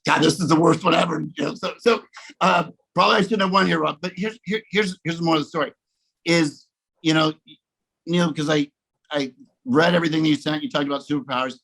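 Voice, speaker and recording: A man with a fairly high voice tells a casual story on a video call. He is animated, restarts his sentences and keeps checking in with his listeners. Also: brisk, gravelly, rough recording. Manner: animated, restarts often, repeats "okay?". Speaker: guest speaker in a sales coaching session.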